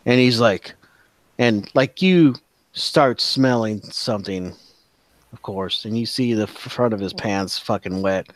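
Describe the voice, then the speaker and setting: A man's voice: fairly low pitch, unhurried, no room sound. A man narrating as game master in a casual, profane style with many fillers.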